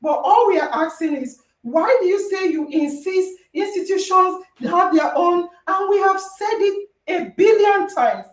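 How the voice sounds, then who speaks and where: A woman's voice: very high voice, animated, unhurried, hardly any pauses. A woman hosting a podcast debate, arguing emphatically and repeating phrases for stress, recorded in an echoey room on a distant mic. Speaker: podcast host. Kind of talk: heated debate moderation.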